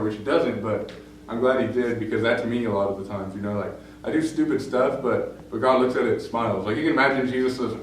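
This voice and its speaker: A man's voice: medium pitch, steady tone, brisk. A young man preaching a casual sermon, telling a story with lots of fillers and acting out the quoted lines. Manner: conversational, many fillers, acts out quoted lines. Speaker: pastor. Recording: very echoey room, distant mic, faint noise.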